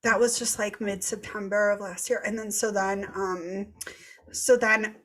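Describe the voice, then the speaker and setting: A woman in her thirties telling a candid, animated story in casual chat, swearing freely and acting out what people said. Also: mid-range voice, unhurried. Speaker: podcast co-host.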